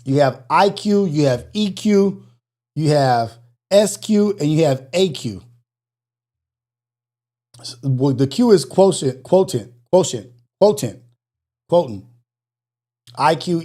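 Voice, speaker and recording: A man hosting a live morning call-in show, out of breath and chatting casually, with energetic exclamations and motivational, prayerful asides. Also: on the high side, slow, long pauses.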